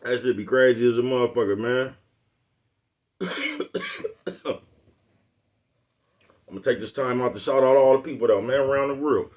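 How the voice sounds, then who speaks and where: A man's voice: mid-range voice, sing-song, moderate pace, pauses often. A man vlogging on his own channel in a casual, rambling way. He sounds laid-back and boastful, chuckles between phrases, and keeps asking whether you know what he's talking about. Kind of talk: casual rambling vlog talk.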